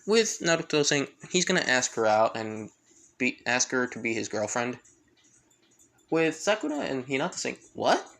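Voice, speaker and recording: Improvised fan-story narrator who rambles and restarts, middle-pitched voice. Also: sing-song, moderate pace, vocal fry, fairly bright tone. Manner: rambling, full of restarts and fillers.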